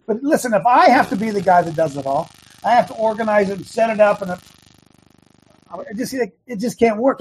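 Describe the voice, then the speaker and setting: A man hosting a talk show, speaking in an earnest, casual monologue that builds into fervent shouting, wearing earbuds. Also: sits high, lively intonation, fairly quick, slightly rough. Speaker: show host.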